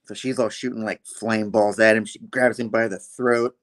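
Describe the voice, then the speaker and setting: A man's voice: fairly low pitch, steady tone, moderate pace, few pauses. A man co-hosting an online comic review show, recapping the plot loosely with lots of fillers over a remote call link. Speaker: comic book reviewer and co-host.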